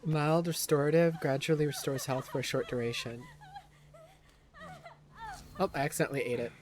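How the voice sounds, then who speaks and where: A man's voice: fairly high pitch, normal speed, a little hiss or hum. A man streaming a game live, thinking aloud in a sarcastic, profane, casual way. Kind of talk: casual live gameplay commentary.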